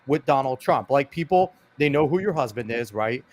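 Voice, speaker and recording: A man hosting a casual podcast interview, who talks in a jokey, excitable, rambling way and uses many "like"s. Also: mid-range voice, moderate pace, a little hiss or hum. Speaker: podcast host.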